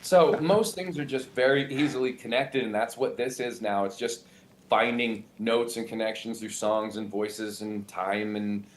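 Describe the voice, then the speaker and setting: Lively man with a low, echoey voice. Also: measured pace, slight background noise. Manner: lively, self-interrupting, slips into impressions. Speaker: comedian and impressionist guest. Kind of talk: animated conversational explanation. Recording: roomy echo.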